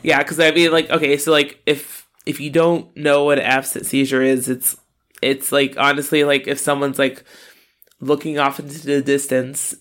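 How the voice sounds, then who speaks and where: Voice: medium pitch, flat delivery, moderate pace, fairly bright tone. A podcast co-host recapping a TV episode in casual chat, rambling with lots of "like" and frequent laughs. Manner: rambling, laughs often, fills with "like".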